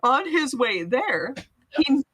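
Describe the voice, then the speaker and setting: A woman's voice: sits high, very animated, takes it slowly, fairly bright tone, poor audio. A woman casually telling a spooky story to friends, laughing often and swearing freely.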